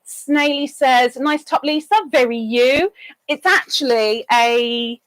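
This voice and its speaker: A woman's voice: high voice, slow pace, a bit bright, dry recording, low-quality recording. A woman hosting a casual live stream, chatting and reading viewer comments aloud, with sing-song greetings for each newcomer.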